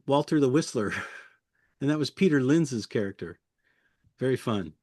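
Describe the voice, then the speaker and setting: A man's voice: medium pitch, animated, moderate pace, a little mellow, no room sound, studio quality. A man who works as a puppeteer, chatting casually as an interview guest, chuckling often and rambling loosely through his memories.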